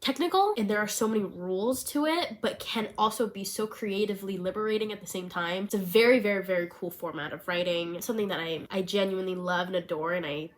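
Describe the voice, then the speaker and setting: A woman's voice: medium pitch, quick pace, few pauses. A young woman with a nasal, stuffed-up voice from a cold, chatting casually to camera as a vlogger from her small bedroom. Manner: bubbly, chatty, rambling. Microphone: pen-style handheld mic.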